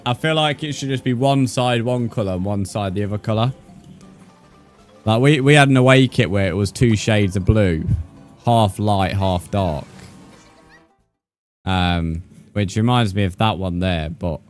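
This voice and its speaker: A young British man with a slightly low voice talks easily with his stream chat, loose and conversational, full of slang. Faint music plays underneath him. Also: measured pace, long pauses. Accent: British English. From United Kingdom. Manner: chatty, uses slang like mate and bro. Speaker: gaming streamer. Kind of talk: casual live-stream chat with viewers.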